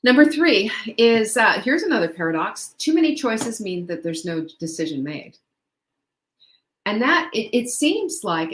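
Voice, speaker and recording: A woman's voice: mid-range voice, fairly bright tone. Middle-aged female host, upbeat motivational chat, rhetorical questions, roomy echo. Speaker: podcast host. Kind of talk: motivational talk.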